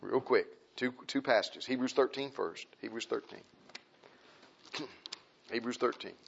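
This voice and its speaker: A man's voice: medium pitch, a little slow, creaky, a little hiss or hum. A man preaching a sermon in a folksy, emphatic way, often repeating his phrases. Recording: dull lo-fi recording.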